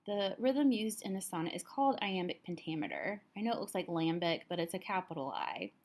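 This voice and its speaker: Woman teacher, somewhat low pitch, patient step-by-step explaining, tired, recorded lesson. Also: animated, fairly quick, a little mellow.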